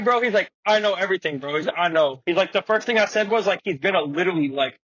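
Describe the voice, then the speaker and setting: Young skater guest, high husky voice, cursing, slangy, acts out every line. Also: male voice, lively intonation, fast, a bit bright, dry recording, lo-fi sound. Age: young adult. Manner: profane, slangy, acts out quotes. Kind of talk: animated storytelling with quoted voices. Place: podcast studio.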